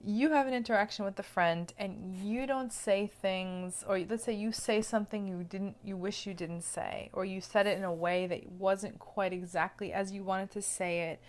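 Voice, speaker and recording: Gentle woman coaching on self-love. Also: medium pitch, steady tone, moderate pace, hardly any pauses. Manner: gentle and explanatory, checks in with "okay?". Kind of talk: casual teaching to camera.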